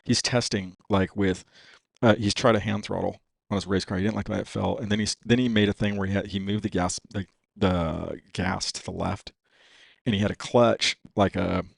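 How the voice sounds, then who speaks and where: Man, low gravelly voice, dry close sound, casual profane storytelling, rambling podcast guest. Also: fairly even intonation, moderate pace, dry recording. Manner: profane, rambling, heavy use of "dude" and "you know what I mean".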